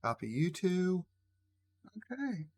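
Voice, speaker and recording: A man's voice: high-pitched, sing-song, slow. A man running a tabletop game as game master, narrating casually with frequent fillers.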